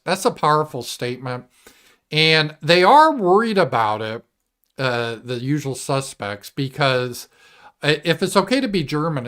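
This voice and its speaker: A man hosting a live political commentary show, talking casually and animatedly, swearing and mimicking voices in a shrill tone. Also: fairly bright tone. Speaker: show host.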